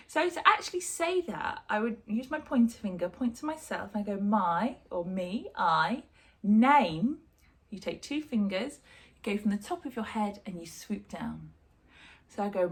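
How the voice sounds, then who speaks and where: Animated, lively-voiced woman teacher. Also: a little high. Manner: animated, chatty and encouraging. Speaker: drama teacher. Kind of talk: online sign language lesson.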